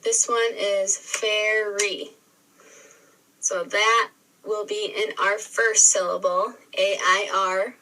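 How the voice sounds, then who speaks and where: A woman teacher giving a recorded spelling lesson, sounding words out slowly and clearly syllable by syllable. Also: medium pitch, flat delivery, bright, forceful tone. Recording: re-filmed video playback, distant sound.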